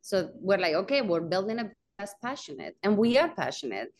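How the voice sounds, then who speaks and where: A woman telling a story in a relaxed interview, animated and expressive. She acts out the other voices as she goes. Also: medium pitch, fairly quick. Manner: animated, acts out quoted dialogue. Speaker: guest, real estate company founder.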